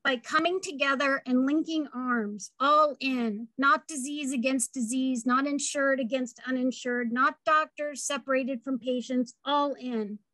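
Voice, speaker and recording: A woman's voice: high-pitched, steady tone, measured pace, hardly any pauses, sharp tone. A woman telling a personal family story and making an earnest advocacy speech at a town hall. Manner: earnest, heartfelt, building to rallying calls.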